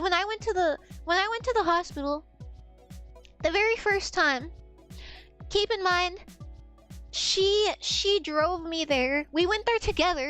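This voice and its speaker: Really high-pitched young woman rambling a story on stream, swears a lot, faint music behind. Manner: animated, swearing, laughing mid-sentence. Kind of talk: casual storytelling on a livestream.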